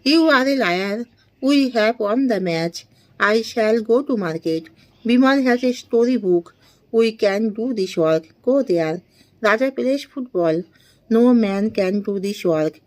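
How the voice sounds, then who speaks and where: With a fairly high pitch and lively intonation, a twenty-something Indian woman reads short practice sentences one at a time as an English tutor. Her reading is slow and deliberate with small laughs, and the recording quality is low.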